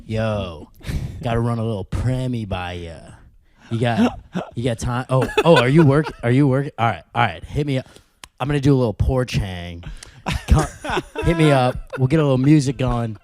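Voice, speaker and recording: A man doing an impression of his easygoing young male friend, drawling and repeating himself in a relaxed, slacker way. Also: mid-range voice, normal speed, voice pushed down, natural voice. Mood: laid-back. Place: podcast studio.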